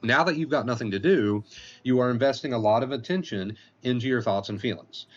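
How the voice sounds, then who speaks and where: A man hosting a livestream as an anxiety recovery coach, explaining points slowly and often repeating himself while reading chat aloud. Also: mid-range voice, dull audio, soft background music. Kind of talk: casual livestream advice talk.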